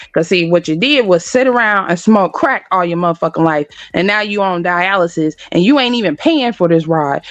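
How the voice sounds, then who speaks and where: A woman talking in a casual chat, telling animated stories and swearing freely. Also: medium pitch, no room sound, muffled recording. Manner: animated, profane storytelling.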